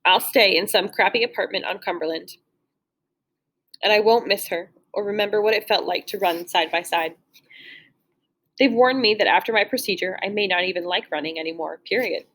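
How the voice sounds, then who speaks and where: A young adult woman narrating a first-person novel as an audiobook reader, in a steady storytelling read with the odd slip and restart. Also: medium pitch, brisk.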